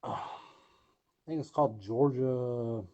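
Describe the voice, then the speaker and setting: A man's voice: mid-range voice, slow pace, warm tone, highs cut off. A man being interviewed, telling a long story casually with many fillers and restarts. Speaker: wrestler guest.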